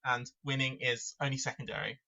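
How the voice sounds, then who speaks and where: A man's voice: medium pitch, steady tone, fairly quick, creaky, bright, forceful tone, dull audio. A man introducing himself as a game contestant, playful and chatty.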